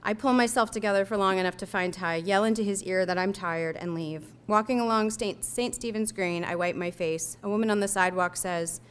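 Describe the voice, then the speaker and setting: A young woman reads her memoir aloud to listeners. Her voice is smooth and clear and sits at a middle pitch. She tells the story in an unhurried, reflective way. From United States. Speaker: author reading her own essay. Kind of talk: reading a personal memoir aloud.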